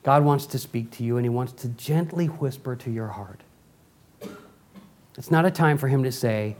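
A male pastor preaching a sermon in a dramatic way, swinging from forceful lines to soft, intimate prayer. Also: medium pitch, moderate pace, pauses often.

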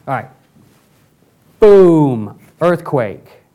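A man voicing a boastful almighty God who shows off his power in a loud, blunt way during a sermon. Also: fairly high pitch, very animated, very slow, muffled recording, exaggerated voice.

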